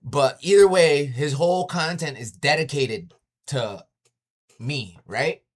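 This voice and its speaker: A man's voice: fairly high pitch, slow. A man talking on a casual live stream from home, into a phone or webcam mic. He swears freely and ends his sentences with "yo." He acts out his stories and sometimes makes the sounds himself. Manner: profane, keeps saying "yo"; animated storytelling with sound effects. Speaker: livestreamer.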